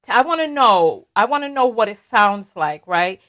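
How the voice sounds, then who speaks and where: A woman's voice: on the high side, big pitch swings, normal speed, fairly bright tone. A woman hosting a livestream, chatting animatedly and talking straight to her viewers. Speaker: host. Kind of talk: livestream commentary chat.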